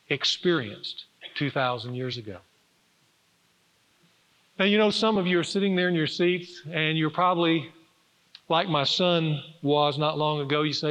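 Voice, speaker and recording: A man's voice: on the high side, a bit bright. A middle-aged man, a pastor, preaching an earnest, emphatic sermon in a church sanctuary. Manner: earnest, emphatic preaching with rising and falling force. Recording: dull reverberant church recording.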